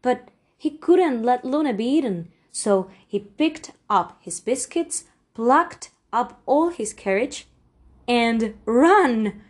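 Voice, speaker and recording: Brief: high-voiced woman, slow and very expressive, reading a bedtime picture book. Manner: animated, expressive storytelling. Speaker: storybook reader. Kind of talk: children's picture book read-aloud.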